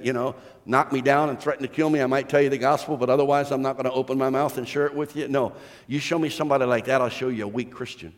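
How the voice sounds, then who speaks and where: A man's voice: medium pitch, big-room sound. A male pastor preaching a sermon, building emphasis with repeated phrases and rhetorical questions.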